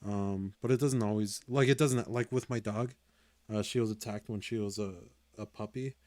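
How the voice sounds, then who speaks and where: A man's voice: lowish voice, fairly even intonation, normal speed, dark tone, no echo. A man co-hosting a podcast in casual chat, talking hesitantly and searching for his words. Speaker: podcast co-host.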